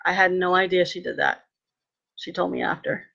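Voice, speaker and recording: A woman telling a personal story in a lively way, acting out what people said and turning earnest when she speaks of faith. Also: fairly low pitch, moderate pace, gravelly, highs cut off. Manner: animated, acts out quoted dialogue. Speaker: vlogger sharing a personal testimony.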